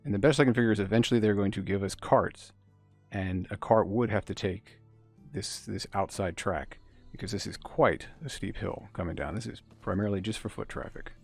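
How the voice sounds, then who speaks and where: Man, game streamer, casual musing commentary, low voice, faint music behind. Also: a little fast, creaky. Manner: chatty, musing.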